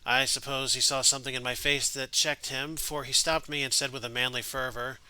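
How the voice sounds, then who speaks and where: A man's voice: mid-range voice, steady tone, fairly quick, pushed and bright, clear, resonant tone, dry recording, low-quality recording. A man reading aloud the letters of a gushing young woman from a game, in his own voice.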